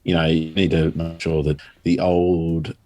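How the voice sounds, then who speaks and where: A man's voice: deep voice, little pitch movement, measured pace, a little mellow. A man chatting casually on a podcast, rambling and wry as he gives practical advice. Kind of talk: casual chat.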